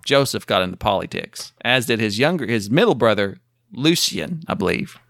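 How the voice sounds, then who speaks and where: Man, podcast co-host, lively bright tone, excitable and rambling. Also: lowish voice, moderate pace, gravelly, no echo, clean studio sound. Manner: excitable, rambling history explainer. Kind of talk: casual chat.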